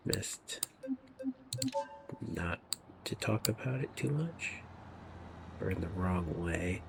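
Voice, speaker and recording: A man's voice: deep voice, lively intonation, slow, gravelly, noisy background. A man giving rambling, casual commentary over gameplay, sometimes dropping to a near whisper. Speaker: gaming video creator.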